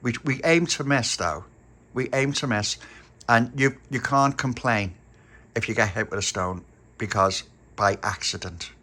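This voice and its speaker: A man's voice: mid-range voice, a little slow, pushed and bright. Man doing a sensible cautious little girl. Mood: explaining. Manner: explaining, reasonable.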